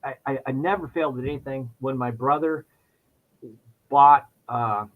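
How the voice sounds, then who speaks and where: Over lo-fi audio, an animated man tells a story at a moderate pace as a guest in a casual podcast conversation. When he plays his younger self, his voice jumps up high.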